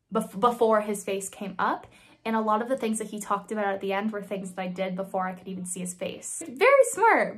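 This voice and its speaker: A woman in her twenties telling a personal story casually, candid and swearing freely. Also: mid-range voice. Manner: candid, swears freely, acts out quoted voices. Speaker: vlogger.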